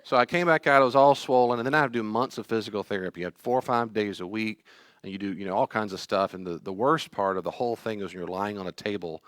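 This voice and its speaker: A man's voice: fairly low pitch, fast, fairly bright tone, no echo, studio quality. A middle-aged man, a therapist teaching a class, telling personal stories in an earnest, pleading way. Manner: earnest, pleading, acts out quoted voices.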